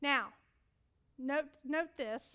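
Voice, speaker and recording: Bright, high-voiced woman preaching animatedly. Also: drawn-out words. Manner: animated storytelling with frequent audience prompts; laughs often. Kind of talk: sermon.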